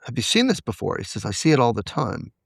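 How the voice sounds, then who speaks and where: A man's voice: mid-range voice, big pitch swings, fast talker, gravelly, dry recording. A man as a podcast guest, candidly telling a personal story and acting out the quoted dialogue. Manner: confessional, acts out quoted dialogue.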